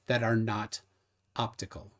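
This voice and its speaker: A man's voice: fairly low pitch, flat delivery, a bit bright. A man hosting a livestream debate in casual chat, reading out viewer comments and asking his guest questions with a bantering, teasing manner. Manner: bantering, questioning, quick laughs.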